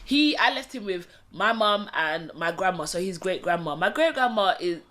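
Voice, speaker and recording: A woman, a guest telling lively personal stories and laughing often in a relaxed chat. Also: lowish voice, moderate pace. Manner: animated storyteller, swears a lot, laughs often. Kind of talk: casual conversation.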